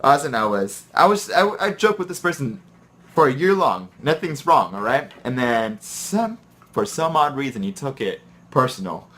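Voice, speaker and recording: A man who is a chef and hosts his own vlog, telling rambling stories about work and then giving relaxed advice. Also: medium pitch, moderate pace. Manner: chatty, rambling, gives pep-talk advice. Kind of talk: casual storytelling and advice vlog.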